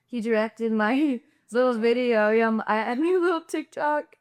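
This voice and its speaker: A woman's voice: a little high, moderate pace. A woman hosting a casual chat, reacting and urging her guest to tell stories. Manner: reactive, encouraging listener.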